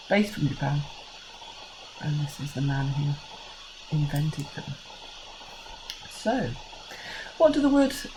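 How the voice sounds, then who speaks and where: A woman teacher with an English accent, talking young pupils through a recorded lesson and counting out syllables slowly and clearly. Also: low voice, noisy background. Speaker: primary school teacher.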